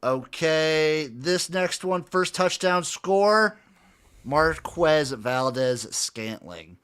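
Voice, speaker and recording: A man co-hosting a casual sports betting podcast who is excitable and swears freely. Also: on the high side, very slow, clean tone. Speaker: co-host.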